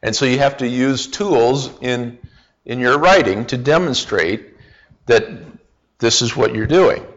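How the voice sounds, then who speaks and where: Slow, deliberate male Bible teacher. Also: mid-range voice, muffled recording. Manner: slow, deliberate, with frequent uh fillers and restarts; asks the group questions and repeats answers. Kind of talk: Bible study lesson.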